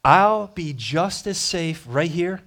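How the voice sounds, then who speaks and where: A male pastor preaching a sermon, animated, acting out quoted voices and swinging from loud declarations to hushed, low passages. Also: takes it slowly.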